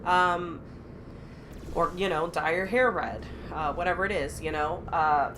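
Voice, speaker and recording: A woman's voice: on the low side, a little slow, background noise. A woman co-hosting a live game stream, chatting casually and rambling with frequent restarts. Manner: rambling, self-interrupting. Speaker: stream co-host. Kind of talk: casual chat.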